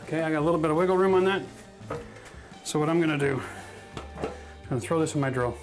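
Over music, a renovation instructor talks fast in a slightly high voice while teaching tiling in a bathroom. He keeps it casual and chatty, pokes fun at himself and laughs a lot.

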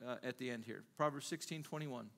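A man's voice: mid-range voice, fairly quick, creaky, fairly bright tone. A male pastor preaching a sermon in a conversational way, asking the congregation rhetorical questions again and again.

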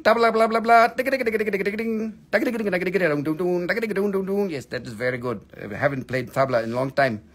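High-voiced joking man on a live sale. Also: a bit bright. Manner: joking, playful, chatty with viewers. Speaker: host of a live rock and mineral sale. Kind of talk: casual live-stream chat.

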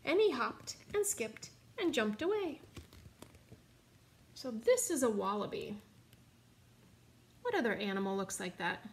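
A woman's voice: a little high, big pitch swings, a little slow, long pauses. A woman reading a picture book aloud to children, chatting and asking them questions along the way. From United States. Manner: chatty, asks listeners questions. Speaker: storybook reader.

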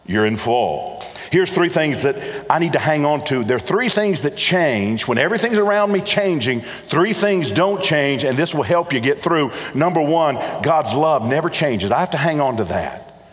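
A middle-aged pastor delivers an earnest sermon, leaning on repetition and questions to the congregation. His voice sits a little high for a man. It rings out with a long hall reverb around it. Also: animated, normal speed. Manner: earnest, repetitive emphasis, addresses congregation directly. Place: church sanctuary.

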